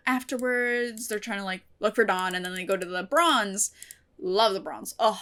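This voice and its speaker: A young woman reviewing a TV episode in a casual vlog, expressive and animated, swearing freely. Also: high-pitched.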